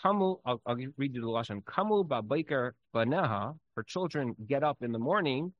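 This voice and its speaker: A man leads an informal Torah class in a loose, conversational way, full of fillers and lively storytelling. His voice sits at an ordinary middle pitch. The sound is dry and close. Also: brisk, no echo, phone-quality sound. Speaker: Torah teacher.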